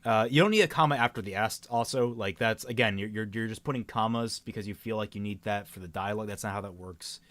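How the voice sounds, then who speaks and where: A man co-hosting a stream, reading fan writing aloud and critiquing it in halting, casual talk. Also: lowish voice, no echo. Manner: halting, many restarts, lively when reading quotes.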